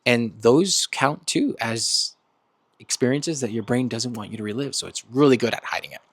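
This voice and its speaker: A man hosting a self-help podcast in a casual monologue, animated and laughing often as he acts out quoted friends. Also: mid-range voice, normal speed, slightly rough, dry recording. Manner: laughs often between points. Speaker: podcast host.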